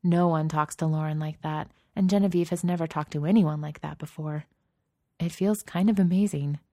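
A woman's voice: low-pitched, fairly even intonation, moderate pace, mellow, no echo, clean studio sound. A woman narrating a story aloud, lifting her voice slightly for the characters' lines. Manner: reads dialogue in lightly raised voices. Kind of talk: audiobook narration.

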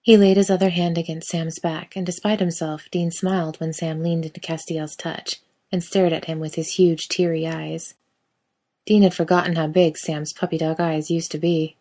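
A woman reading a story aloud in steady, quiet narration. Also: deep voice, moderate pace. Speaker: reader.

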